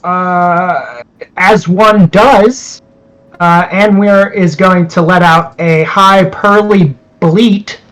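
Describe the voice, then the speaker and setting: A man's voice: high-pitched, slow, fairly bright tone, smooth, poor audio. A man playing a tabletop role-playing game, talking casually and hesitantly, with lots of fillers. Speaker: player.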